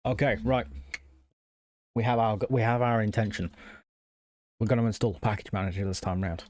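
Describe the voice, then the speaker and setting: A man's voice: lowish voice, steady tone, a little fast, a little mellow, dry recording. A man streaming live while he works on a computer build, thinking aloud, answering chat and often apologizing. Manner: apologetic, self-conscious.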